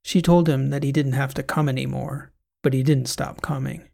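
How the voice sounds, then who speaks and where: Male audiobook narrator, gravelly, measured scripted reading. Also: mid-range voice, steady tone, a little mellow.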